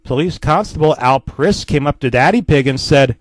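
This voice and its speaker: A man narrating a comedy story in a lively, swooping voice on the high side. He drops into deadpan asides as he reads. The sound is dry and close. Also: moderate pace, no echo. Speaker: narrator, channel host.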